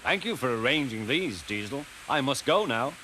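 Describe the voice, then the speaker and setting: A man voicing a calm, cheeky little male tank engine who speaks politely and teases dryly. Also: medium pitch, normal speed, natural voice, rough recording. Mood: teasing.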